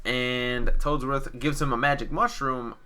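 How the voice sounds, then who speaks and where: A man's voice: mid-range voice, fairly even intonation, unhurried, bright, forceful tone. A young man co-hosting a gaming podcast in casual chat, playfully making up a silly story. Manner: playful, improvises silly stories. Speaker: podcast co-host.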